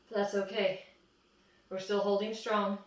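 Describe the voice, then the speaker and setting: A woman fitness instructor coaching a plank workout, encouraging and counting down reps while out of breath. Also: medium pitch. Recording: echoey room, far from mic.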